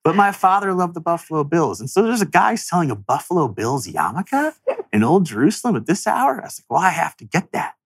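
A man's voice: a little high, sing-song, brisk, breathy edge, dry recording. A man in his thirties, an interview guest telling an emotional personal story in an earnest, reflective way, his voice rising as he speaks.

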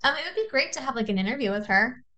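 A young adult woman co-hosting a podcast, telling a story in casual chat, animated and swearing freely as she acts out quoted texts. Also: on the high side, racing, dull audio. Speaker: podcast co-host.

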